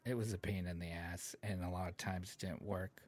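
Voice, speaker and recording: A man co-hosting a casual podcast, joking around and telling stories, often breaking into loud put-on voices. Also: low voice, steady tone, brisk, slight background noise. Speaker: podcast co-host. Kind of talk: casual banter.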